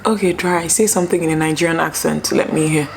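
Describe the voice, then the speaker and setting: A woman with a fairly low voice chats casually to her viewers from home. She rambles a little and fills gaps with ums and likes. A faint hum sits behind her. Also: fairly even intonation, quick pace, vocal fry. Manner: chatty, rambling, many fillers. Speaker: lifestyle vlogger. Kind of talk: casual vlog chat to camera.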